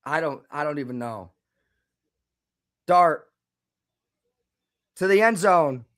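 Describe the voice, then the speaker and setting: A man reacting live to a football game, swinging from low muttering to angry shouting and repeating words. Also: expressive, slow pace. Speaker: fan reaction streamer.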